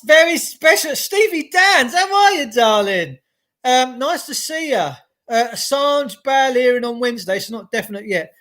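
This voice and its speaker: A man's voice: sits high, fairly bright tone. A middle-aged man talking casually from home by a log burner, greeting viewers and ranting with passion. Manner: chatty, greets viewers, impassioned. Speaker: vlogger. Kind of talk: casual livestream rant.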